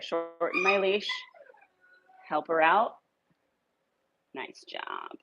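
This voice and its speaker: Woman dog trainer, lowish voice, casual and upbeat, coaxing dogs. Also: wildly swooping pitch, slow pace, vocal fry, pauses often, a bit bright, highs cut off, faint music behind. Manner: upbeat, coaxing praise to dogs in a high sing-song. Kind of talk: casual training demo, talking to camera and dogs.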